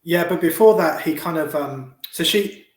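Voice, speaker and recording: A man's voice: a little high, moderate pace. Man retelling a film in an echoey room. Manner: retells scenes, says "you know" a lot. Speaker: podcast co-host. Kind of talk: casual movie chat.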